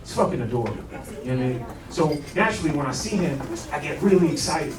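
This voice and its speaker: A man's voice: fairly high pitch, lively intonation, fast, distant mic. A young man doing a stand-up set in a comedy club, talking loose and brash with a lot of slang and swearing. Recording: roomy club sound, laughing crowd. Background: audience laughter.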